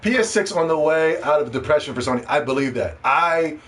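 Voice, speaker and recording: A man hosting a casual gaming podcast, ranting in an animated, profane way and mocking others in put-on voices. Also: on the high side, brisk. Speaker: podcast host.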